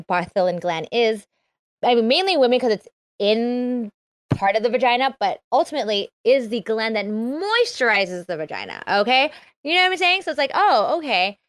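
Woman comedian, energetic, loud, profane, dry close sound. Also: a little high, no echo. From Filipino heritage. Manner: energetic, fast-talking, swears freely. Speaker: comedian guest. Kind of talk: casual chat. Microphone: phone.

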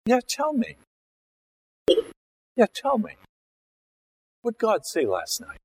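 A man's voice: fairly high pitch, animated, unhurried, slight background noise. A man voicing a defensive king who makes excuses in a raised, cocky tone. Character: defensive, evasive male king making excuses.

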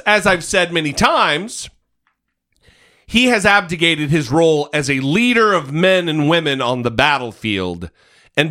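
A man hosts a political podcast, chatting casually but in a heated, emphatic way and cursing freely. His voice is fairly high with a sharp tone.

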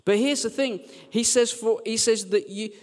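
A man preaching a sermon as a church team leader, chatty and joking, then turning quiet and earnest. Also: sits high, normal speed, in a large hall. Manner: conversational and joking, dropping to quiet earnest lines.

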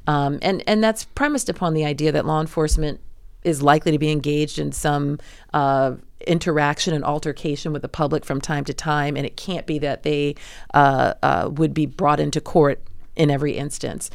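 Gravelly woman civil rights attorney. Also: sits low, fairly even intonation, no echo, studio quality. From New York City. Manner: measured, explanatory, with fillers and restarts. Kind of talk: radio interview. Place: radio studio.

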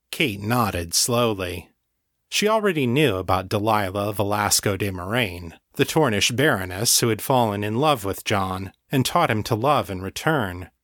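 A man narrating a fantasy novel in a calm, measured way, close to the mic. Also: lowish voice, dry recording. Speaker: audiobook narrator. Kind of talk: scripted narration.

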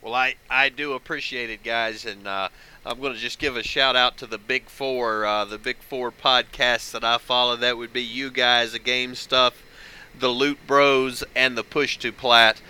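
A man appearing as a guest on a casual gaming podcast, plainly glad to be there. He talks in an easygoing, earnest way and doesn't rush. His voice comes through very bright and crisp, with a smooth resonance. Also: medium pitch, steady tone, a little slow, low-quality recording.

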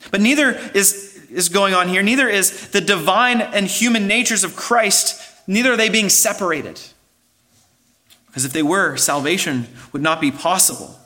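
A male pastor delivers a sermon in a high, bright voice that carries with some force. He explains earnestly, sometimes restarting a phrase and pressing on with rising emphasis.

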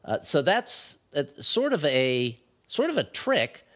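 A man with a somewhat high voice co-hosts a casual podcast about writing. He speaks in a measured, hesitant way, pausing and repeating words while he gathers his thoughts. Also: huge pitch swings, fairly bright tone. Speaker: podcast co-host.

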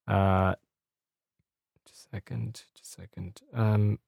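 A man's voice: lowish voice, little pitch movement, takes it slowly, vocal fry, a little mellow, no echo, studio quality. A man co-hosting a casual podcast chat, rambling and reading out old script lines. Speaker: podcast co-host.

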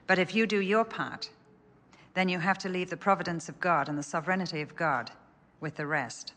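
A woman's voice: lowish voice, normal speed, a bit bright. Older woman preaching, echoey hall. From England. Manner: personal, anecdotal, earnest. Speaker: speaker. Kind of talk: storytelling sermon.

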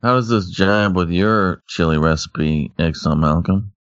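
A man's voice: sits low, a little slow, fairly bright tone. A man co-hosting a casual podcast, teasing the others with crude jokes and laughing often. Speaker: podcast co-host. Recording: dull lo-fi sound.

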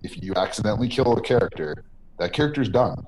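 A man's voice: fairly low pitch, expressive, fast talker, darkish tone. A man being interviewed as a game designer, talking earnestly and tagging his points with "right?". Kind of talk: podcast interview. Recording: noisy line.

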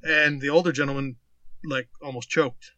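The recording is muffled with no room sound. A man with a mid-range voice at normal speed tells a funny story as a podcast co-host in casual chat, swearing freely and acting out quotes with animation.

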